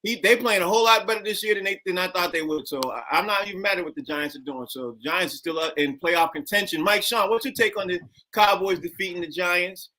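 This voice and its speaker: A man hosting a casual sports talk show, loud and upbeat, bringing in guests. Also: high-pitched, quick pace, a little hiss or hum, poor audio.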